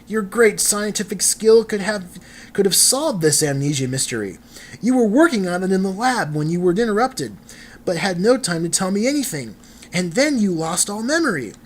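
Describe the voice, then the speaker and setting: A man's voice: a little high, lively intonation, moderate pace. A man doing a boy sidekick, earnest and pleading. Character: eager young boy sidekick, earnest and loyal. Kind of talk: comic book dramatic reading.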